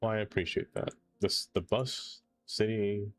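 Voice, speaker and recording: Game streamer, male, lower voice, playful and theatrical, light music under. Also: fairly even intonation, unhurried. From not American. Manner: playful, theatrical groans, reads chat aloud. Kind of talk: casual live-stream chat while playing.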